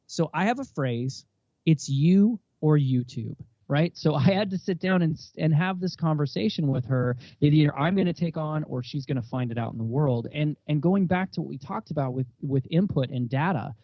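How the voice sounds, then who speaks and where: His voice is a little high and his speed normal as he, a man in his thirties, guests on a podcast with candid, animated stories full of acted-out dialogue. The recording is dry and sounds dull.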